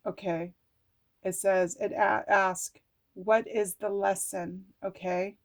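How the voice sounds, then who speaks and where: A woman's voice: medium pitch, level tone, takes it slowly. A middle-aged woman chatting through an oracle card reading, talking to herself and reading card texts aloud with casual swearing.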